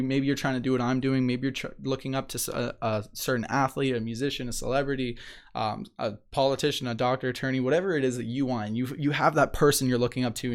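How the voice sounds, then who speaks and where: A man's voice: medium pitch, smooth. A man hosting a motivational podcast, talking energetically and emphatically, repeating phrases, restarting sentences and laughing often. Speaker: podcast host.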